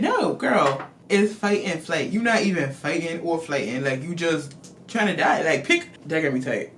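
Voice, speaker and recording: A woman vlogger giving a casual, profane, animated movie recap to camera. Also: deep voice, moderate pace, a little hiss or hum.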